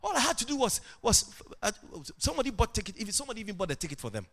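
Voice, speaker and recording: A middle-aged man preaching a sermon as pastor, animated, with sudden shouted and sing-song rises. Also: sits high, rapid-fire.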